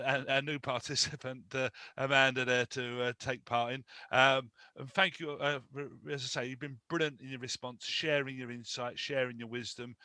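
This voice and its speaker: Male webinar host, eager and friendly, crisp bright voice, dry close call audio. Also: mid-range voice, no room sound. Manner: chatty, enthusiastic, says mate and guys. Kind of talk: casual online webinar hosting. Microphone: video call.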